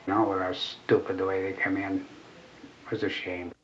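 A man's voice: deep voice, little pitch movement, moderate pace. An older man, a war veteran, recalling events in a plain-spoken, blunt way. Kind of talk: recollection in interview. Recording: muffled lo-fi radio recording.

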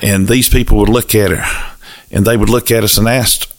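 A man's voice: fairly low pitch, steady tone, moderate pace. A man with a south Georgia Southern accent, a country gospel singer telling folksy stories as a guest in a casual chat. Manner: folksy, easygoing storyteller.

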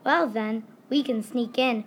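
Mischievous mouse brother, girl voicing him, slow and a touch high. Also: slight background noise. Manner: sly, cheerful. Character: mischievous cheerful male mouse.

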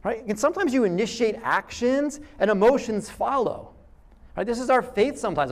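A middle-aged man preaching a sermon in a conversational, animated way, telling stories and acting out quotes. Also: very high voice, a little fast. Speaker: pastor.

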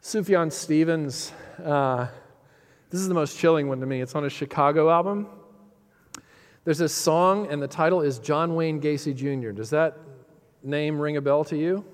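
Emphatic preacher man in a reverberant hall. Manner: emphatic, rises on key phrases then drops low and quiet; dramatic pauses, quotes lines with feeling. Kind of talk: sermon.

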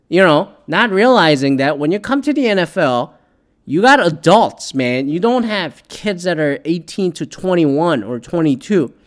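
Profane, rambling sports-ranting man. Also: sits high. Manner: profane, rambling, sarcastic, many fillers. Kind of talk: casual opinionated sports rant.

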